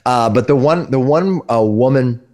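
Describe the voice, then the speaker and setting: A young man runs a tabletop game, his voice mid-pitched and steady. He narrates in halting bursts, circling back over his own words. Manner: hesitant, many uh's and restarts. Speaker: game master.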